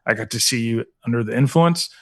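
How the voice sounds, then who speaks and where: A man's voice: medium pitch, brisk. A middle-aged man talking earnestly in a casual podcast interview, with lots of fillers. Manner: conversational, many fillers, earnest. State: getting emotional, teary. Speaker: guest, foundation founder.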